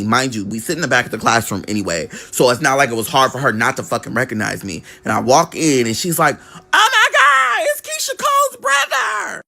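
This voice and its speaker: A man's voice: medium pitch, pushed and bright. A man telling a personal story in a casual vlog, candid and conversational with frequent swearing.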